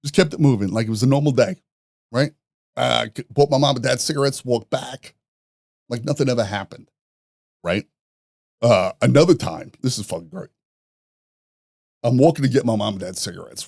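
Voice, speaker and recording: A man, a podcast guest telling rough stories in a profane, animated way, laughing at his own jokes. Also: medium pitch, dry recording, clean studio sound. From New York. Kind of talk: casual storytelling.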